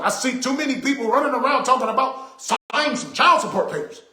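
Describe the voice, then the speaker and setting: A middle-aged man with a fairly high voice delivers an indignant, preachy rant straight to camera, hammering his points home by repeating them. The sound bounces around an echoey room. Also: lively intonation, brisk, bright, forceful tone. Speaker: vlogger. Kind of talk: ranting monologue to camera.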